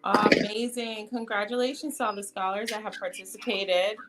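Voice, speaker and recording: A woman's voice: medium pitch, steady tone, moderate pace, heavy background noise. Encouraging lady running an online reading group, helps kids say words, playful teasing, video call sound. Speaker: reading program host.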